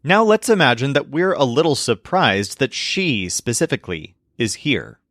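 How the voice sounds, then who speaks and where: A man narrating a scripted language lesson with a lively, rising-and-falling voice. He explains things clearly and slows down for each example. The recording is dry and close, with no room sound. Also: mid-range voice, no echo. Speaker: language teacher.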